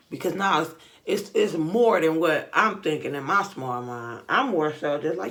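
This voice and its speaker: A young woman vlogger telling a story in casual, animated, slangy chat, acting out the dialogue. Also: deep voice, fairly quick, vocal fry. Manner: animated, slangy retelling with lots of quoted dialogue. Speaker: beauty vlogger.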